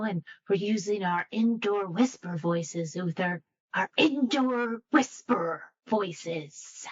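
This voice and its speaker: Woman as a charming, flattering adventurer, slow and sweet, muffled audio. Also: on the high side. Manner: sweet, ingratiating, unhurried.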